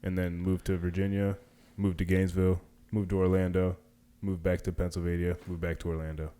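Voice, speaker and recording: Young guy co-host, smooth low voice, laid-back chat, casual swearing. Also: flat delivery, a little fast, warm tone. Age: young adult. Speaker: podcast co-host.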